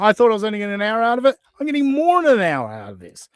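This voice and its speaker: A man's voice: high voice, wildly swooping pitch, very fast, few pauses, a bit bright, no echo. Sarcastic, swearing man. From Australia. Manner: profane, mocking, sarcastic. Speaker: podcast host. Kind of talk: casual chat reacting to clips.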